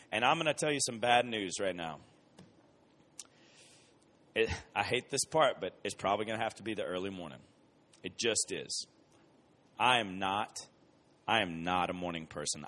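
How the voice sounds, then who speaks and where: A man's voice: medium pitch, bright, forceful tone. A man giving a humorous, rambling youth sermon. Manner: rambling, joking storytelling. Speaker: youth speaker.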